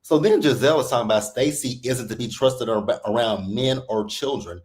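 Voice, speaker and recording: A man's voice: medium pitch, brisk. Profane, exasperated male recap ranter. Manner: profane, animated, exasperated, quotes people in put-on voices. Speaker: reality TV recap host. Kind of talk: heated casual recap rant.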